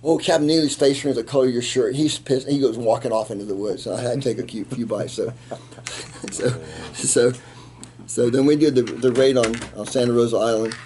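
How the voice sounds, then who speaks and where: A man in his seventies, a retired Army colonel, telling animated stories in an interview and acting out the quotes. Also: mid-range voice, fairly quick, a little hiss or hum. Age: 70s. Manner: animated anecdote teller, acts out quotes, laughs. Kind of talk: storytelling in an interview.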